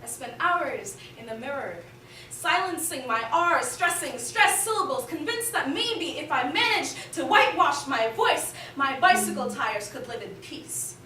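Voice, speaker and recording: Young woman, slam poet, high bright voice, roomy hall, heard from afar. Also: big pitch swings, measured pace, recorded from a distance, slight background noise. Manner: rhythmic, rising to impassioned appeals. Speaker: spoken word poet. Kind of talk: slam poetry performance. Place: performance hall.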